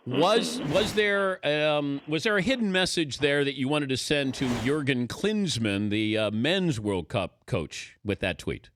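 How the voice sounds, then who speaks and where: Lively sports radio host, joking questioner. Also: male voice, a little high, unhurried, few pauses, slight background noise. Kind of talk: sports talk show interview.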